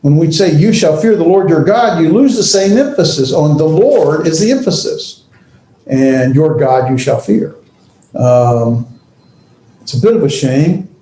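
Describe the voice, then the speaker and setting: A man teaching a class on biblical languages, lecturing with frequent fillers, pauses and self-corrections. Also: fairly high pitch, expressive, dark tone, echoey room, poor audio. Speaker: Bible language instructor.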